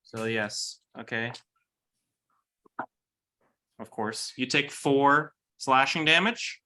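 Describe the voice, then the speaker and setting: Bright, mid-pitched man, game master, brisk matter-of-fact rulings. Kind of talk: running a tabletop game.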